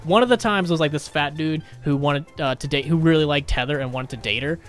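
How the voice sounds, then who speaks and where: A man's voice: on the high side, a little fast, fairly bright tone, faint music behind. A young man, a gaming YouTuber, rambling through a funny self-mocking story over gameplay.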